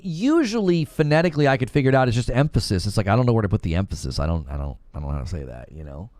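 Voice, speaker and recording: A man's voice: mid-range voice, a little mellow, no room sound, clean studio sound. A man chatting casually on a gaming live stream, rambling and correcting himself as he talks. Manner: rambling, self-correcting, laughs often.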